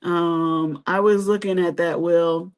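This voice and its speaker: Slow-talking, low-voiced woman host. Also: fairly even intonation. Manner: chatty, laughs often, self-teasing. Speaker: host of a cruise travel channel. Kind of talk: casual live-stream chat reading viewer comments.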